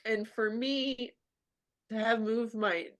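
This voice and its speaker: A woman's voice: on the high side, steady tone, takes it slowly. A woman speaking earnestly in a candid personal interview, talking as a radio show guest and leaning on fillers like "like.". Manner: earnest, filler-heavy, frequent "like".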